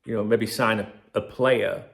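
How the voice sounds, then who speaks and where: A man's voice: fairly low pitch, steady tone, normal speed, gravelly. A man hosting a football channel, ranting and rambling in casual, sweary banter.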